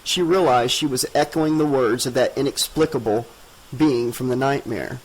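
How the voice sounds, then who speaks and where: A man narrating a horror audiobook in a steady, dramatic reading. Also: mid-range voice, normal speed, low-quality recording.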